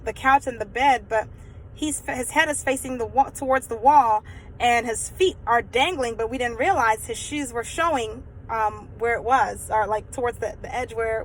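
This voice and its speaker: A woman's voice: on the high side, normal speed, slight background noise, low-quality recording. Chatty young woman telling a story. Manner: chatty, animated, many fillers. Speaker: vlogger. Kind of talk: casual storytime vlog.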